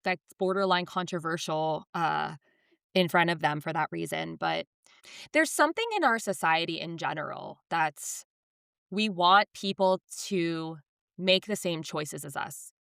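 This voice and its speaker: Lively, clear-voiced woman podcaster. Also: on the low side, measured pace, dry recording, studio quality. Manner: animated storyteller, acts out voices in quotes. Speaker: podcast co-host. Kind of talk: casual chat.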